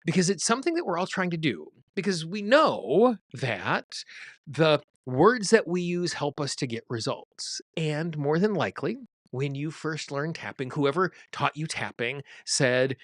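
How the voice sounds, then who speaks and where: A man's voice: fairly high pitch, sing-song, unhurried, no echo, clean studio sound. A man hosting a tapping show, teaching in a conversational way with everyday examples. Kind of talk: instructional talk to camera.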